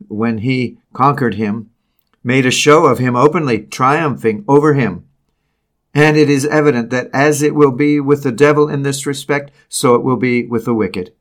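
A man of ordinary mid pitch reads an old sermon aloud. He is solemn and measured, and he slows down to weigh the key phrases. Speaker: preacher reading a sermon.

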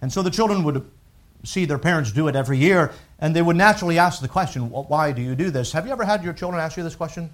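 High-voiced preaching man, earnest. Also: quick pace. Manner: earnest preaching, reads scripture aloud, swings from loud to hushed. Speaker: pastor. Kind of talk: sermon.

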